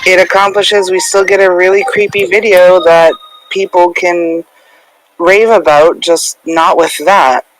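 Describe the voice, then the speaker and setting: A man's voice: high voice, flat delivery, a little slow, a little hiss or hum, poor audio. A man playing a tabletop game, laid-back and joking, cursing casually. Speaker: player.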